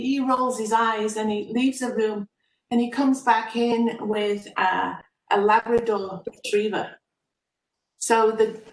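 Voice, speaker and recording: A woman telling a joke at a club meeting over a video call, chatty and hesitant with fillers. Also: mid-range voice. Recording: roomy, distant from the mic.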